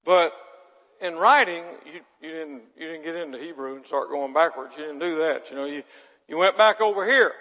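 A man's voice: a little high, normal speed, pushed and bright. A man preaching a folksy sermon, chatting with his audience and quizzing them. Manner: chatty, asks the audience questions, self-deprecating. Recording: long hall reverb.

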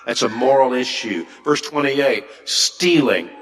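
A man's voice: animated, unhurried, fairly bright tone. Guy preaching a sermon, reads verses then riffs on them, voice jumps up when he gets going, asks the crowd stuff. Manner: reads scripture aloud and comments, rising pitch when emphatic; repeats words and restarts, asks the audience questions.

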